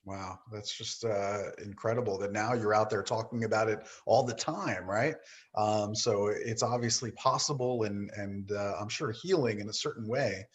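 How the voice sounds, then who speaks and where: A man's voice: lowish voice, moderate pace. A man hosting a podcast, asking attentive, encouraging interview questions. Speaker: podcast host.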